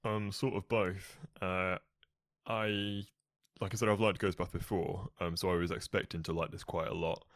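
A man with a very deep voice talks casually on a podcast. He sounds enthusiastic, swears freely and fills gaps with 'like' and 'sort of'. The recording is dry and close. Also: steady tone, normal speed, no room sound. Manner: enthusiastic, sweary, filler-heavy. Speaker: podcast co-host. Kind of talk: casual chat.

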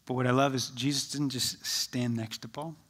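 A man preaching a sermon as pastor, rising with energy, then dropping to a soft, slow hush for quoted words. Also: mid-range voice. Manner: shifts from lively to soft and slow when quoting Jesus.

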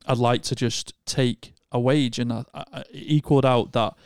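A man's voice: medium pitch, fairly even intonation, moderate pace, smooth, no echo. Rambling man, dry sound. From Northern England. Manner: rambling storyteller with many restarts. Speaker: podcast co-host. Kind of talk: casual chat.

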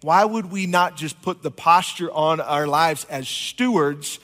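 Higher-voiced pastor preaching in a hall. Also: male voice, a little slow, a bit bright. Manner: conversational, jokes with the congregation. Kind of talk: sermon. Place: church sanctuary.

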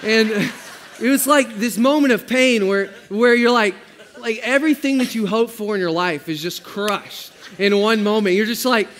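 A man preaching as a pastor, telling a story in a relaxed, joking way with slang, often laughing as he talks. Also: high voice, normal speed, long reverb tail. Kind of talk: sermon.

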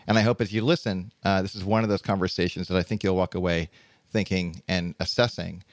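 A man's voice: low-pitched, fairly even intonation, fairly quick, dry recording, clean studio sound. A middle-aged man hosting an interview podcast, introducing his guest in an earnest, reflective way. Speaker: podcast host.

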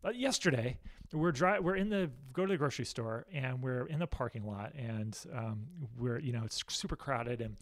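A man's voice: mid-range voice, animated, moderate pace. A man being interviewed as a guest, talking candidly and poking fun at himself, with lots of restarts. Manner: candid, self-deprecating, chatty with many restarts. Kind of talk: casual interview.

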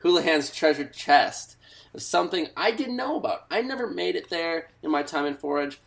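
Mock-earnest comedy podcast host. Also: male voice, on the high side, expressive, moderate pace, gravelly. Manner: mock-earnest, interviewer-like prompting. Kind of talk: improvised comedy podcast chat.

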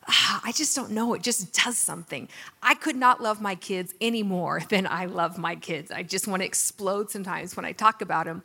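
Woman, 40s, faith speaker; bright, earnest, animated; reverberant room. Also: mid-range voice. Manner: earnest, animated, laughs at herself. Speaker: Christian speaker. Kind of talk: faith talk on money and tithing.

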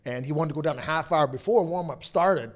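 A middle-aged man, a hockey player's father, telling a story in a casual, animated way and acting out the people he quotes. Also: on the high side, a little fast.

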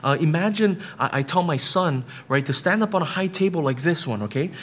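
A man's voice: fairly high pitch, lively intonation, brisk, a bit bright. A man preaching a sermon as pastor, building emphatic repetitions and often checking in with the listeners with "right?".

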